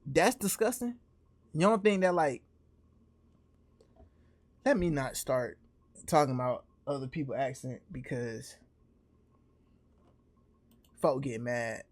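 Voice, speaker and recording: A man with a slight Atlanta accent giving casual, slangy reaction commentary as a streamer, full of quick restarts. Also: medium pitch. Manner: animated, slangy, fast restarts.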